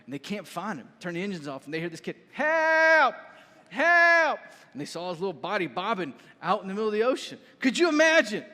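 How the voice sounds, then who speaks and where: Male pastor, high voice, animated preaching style, long hall reverb. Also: rapid-fire, few pauses. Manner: animated, storytelling, raises voice to shout lines. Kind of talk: sermon. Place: church hall.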